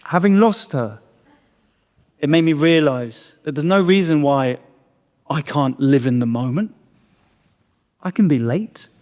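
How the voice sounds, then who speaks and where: A man's voice: on the high side, lively intonation, a little slow, long pauses, darkish tone. A man in his thirties, a stand-up comedian telling a self-deprecating story on stage and acting out his own thoughts. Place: live comedy venue. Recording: long reverb of a performance hall.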